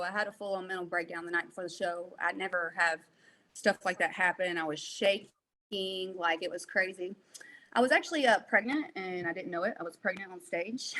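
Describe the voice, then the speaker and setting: Lively, bright-voiced woman in her thirties. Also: mid-range voice, rough recording. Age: 30s. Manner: candid and animated, laughs often, many fillers. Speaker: guest, fitness competitor. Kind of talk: casual podcast interview.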